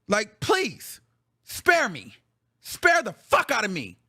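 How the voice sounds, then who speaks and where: A man's voice: sits high, wildly swooping pitch, slow pace, pushed and bright, husky. A male show host in a heated, profane reaction rant, venting with repeated phrases.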